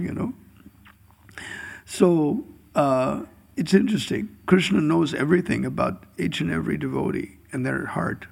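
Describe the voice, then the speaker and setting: A man's voice: fairly high pitch, moderate pace, vocal fry, darkish tone, breathy edge. A man giving a devotional scripture class in a chuckling, storytelling way, chanting verses at times. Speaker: scripture speaker.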